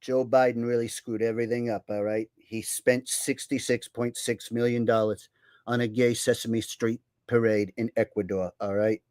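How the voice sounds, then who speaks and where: A man's voice: mid-range voice, flat delivery, moderate pace, darkish tone, no echo, pitched below the performer's own voice, lightly acted. A man doing an impression of a boastful, blustering older male president who repeats himself and bullies his listener. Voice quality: repetitive, bragging, bullying cadence.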